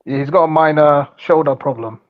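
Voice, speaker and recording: Halting man on a dull lo-fi mic. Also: fairly high pitch, a crowd in the background. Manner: halting, unsure with names. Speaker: co-host. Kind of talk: casual live-stream chat.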